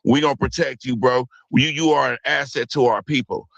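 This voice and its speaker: A male caller whose voice has a bright, forceful edge and a dry, close sound. He talks with fervor and keeps repeating his rallying lines as he speaks. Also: mid-range voice, steady tone, brisk, creaky, dry recording, dull audio. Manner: fervent, repetitive rallying talk. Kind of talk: casual call-in chat.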